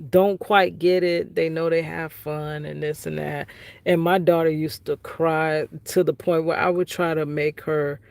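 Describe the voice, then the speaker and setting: A middle-aged woman telling a casual vlog story with a gravelly, creaky voice. She talks at a slow, unhurried pace. She is frank and conversational, retelling exchanges with her family. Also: low-pitched, a little mellow. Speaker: vlogger, prison wife.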